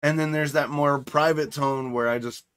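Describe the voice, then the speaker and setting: A middle-aged man co-hosting a podcast in casual chat, rambling and animated, acting out voices as he tells stories. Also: on the high side, normal speed, clean tone. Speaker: podcast co-host and streamer.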